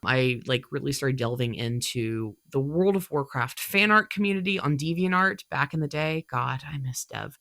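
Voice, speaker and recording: A woman's voice: very deep voice, fairly bright tone, dry recording, clean studio sound. A young woman talking casually about her cosplay hobby, chatty and full of fillers, her voice congested from allergies. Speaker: cosplay creator. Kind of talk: casual vlog talk.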